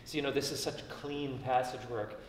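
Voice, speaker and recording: A man's voice: medium pitch, steady tone, normal speed, recorded from a distance, noisy background. Man coaching violin in an echoey hall. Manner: constructive, thinking aloud with frequent restarts. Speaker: violin master class teacher. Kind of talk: master class coaching. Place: concert hall, indoors. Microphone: distant room mic. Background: violin and piano playing.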